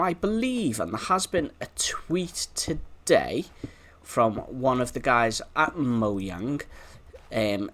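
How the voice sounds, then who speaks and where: Chatty Liverpool man with a lively voice. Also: medium pitch. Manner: chatty, rambling, talks to in-game animals. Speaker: gameplay video host. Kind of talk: casual gameplay commentary.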